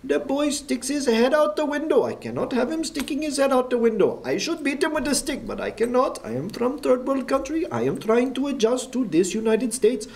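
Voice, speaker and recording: A man does an agitated middle-aged bus driver with a Pakistani accent, pitched far above his own voice. He rants loudly and insistently, circling back to the same complaint over and over. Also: big pitch swings, vocal fry, exaggerated voice. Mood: indignant ranting. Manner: rapid insistent ranting, repeats himself.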